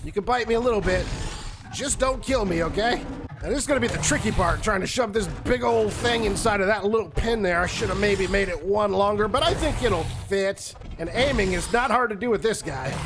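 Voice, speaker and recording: High-voiced, animated male gamer. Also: background noise. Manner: animated, exasperated, talks to the game. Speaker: gaming YouTuber. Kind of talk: live game commentary.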